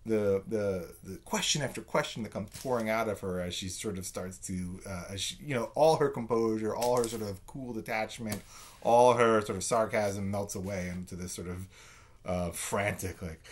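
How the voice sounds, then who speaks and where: A man's voice: fairly low pitch, moderate pace. A man giving a conversational literature lecture, full of fillers and "right?" check-ins. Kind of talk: recorded lecture.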